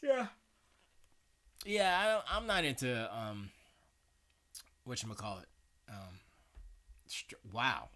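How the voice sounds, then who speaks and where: A man's voice: mid-range voice, lively intonation, slow pace, pauses often, a bit bright. A tired man hosting a livestream, chatting casually and rambling from thought to thought with many fillers and slangy asides. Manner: meandering, self-correcting, loose slangy talk with frequent fillers. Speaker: livestream host. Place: home studio.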